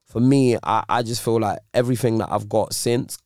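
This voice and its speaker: A man with a gravelly, creaky voice talks emphatically as a guest. The sound is close and dry. He stresses each point firmly. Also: medium pitch, fairly even intonation, normal speed, a little mellow, no room sound. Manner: emphatic, personal. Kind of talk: casual talk.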